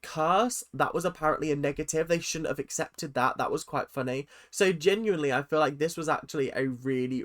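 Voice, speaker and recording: A young British man gives casual commentary straight to his viewers, sassy and animated. His voice sits a little high for a man. He sounds like a YouTuber recapping a reality show.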